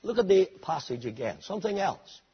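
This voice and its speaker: High, husky-voiced preacher man. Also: sing-song, fairly quick. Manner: dramatic, swinging between hushed and shouted. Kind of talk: sermon. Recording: dull lo-fi sermon recording.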